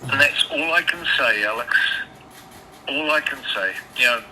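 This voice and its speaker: A man's voice: medium pitch, normal speed, pushed and bright. A man on a phone call, swearing often and stammering through restarts as he tells his side. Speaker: caller. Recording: phone line with background noise.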